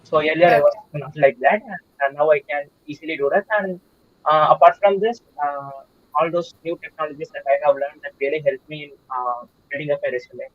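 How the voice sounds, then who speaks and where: A young man with a slightly high voice answers interview questions plainly. The sound is dull and lo-fi, and very dry, with no room echo. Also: a little fast. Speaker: student ambassador guest.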